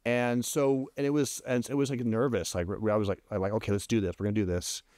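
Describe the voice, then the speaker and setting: A man telling a story as a podcast guest in casual chat, animated, with many restarts, his voice jumping higher when he quotes himself. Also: fast talker, no echo, clean studio sound. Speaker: podcast guest, LGBT advocate.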